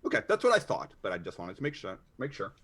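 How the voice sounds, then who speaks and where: A man's voice: on the low side, huge pitch swings, quick pace, a bit bright, slightly rough. A man playing a tabletop game, talking in an easygoing way and thinking aloud with many fillers. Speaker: player. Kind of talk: casual tabletop game play.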